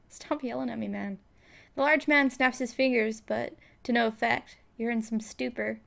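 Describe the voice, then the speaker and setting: A woman's voice: on the high side, steady tone, normal speed, creaky, fairly bright tone. A woman giving playful, casual commentary while playing a game, reading its text aloud and laughing often. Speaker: let's player.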